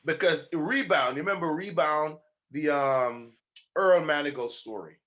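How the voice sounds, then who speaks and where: A male podcast host in loose, friendly conversation. His voice sits a little high and sounds bright and forward. He talks in an animated way, laughs easily and circles back to repeat his points for emphasis. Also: unhurried. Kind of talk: casual chat.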